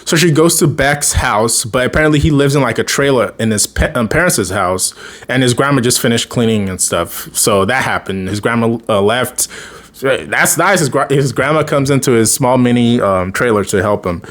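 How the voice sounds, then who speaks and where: A man's voice: mid-range voice, expressive, normal speed, fairly bright tone. A man casually recapping a TV episode in a rambling way, chuckling often and acting out the characters' lines. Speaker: TV episode reviewer.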